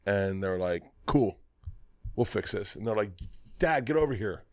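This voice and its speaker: A middle-aged man telling a long, profane story in casual podcast banter, loud and animated. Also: lowish voice, normal speed, no echo, studio quality. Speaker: podcast co-host. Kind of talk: casual storytelling among comedians.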